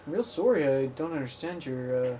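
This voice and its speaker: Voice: medium pitch, lively intonation, a little fast, warm tone, slight background noise, voice pushed down, natural voice. A podcaster doing a joking mock Canadian accent as a polite, puzzled tourist. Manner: polite, bewildered, tacks on "eh".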